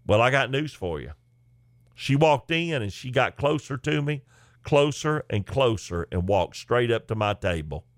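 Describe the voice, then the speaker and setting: A man's voice: medium pitch, very animated, unhurried, no room sound, clean studio sound. A man, a comedian telling a funny story in a folksy, chatty way. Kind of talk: comic storytelling.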